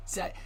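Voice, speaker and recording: A man hosting a live stream, chatting casually, laughing and reading viewer comments aloud. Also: a little hiss or hum. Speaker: livestream host.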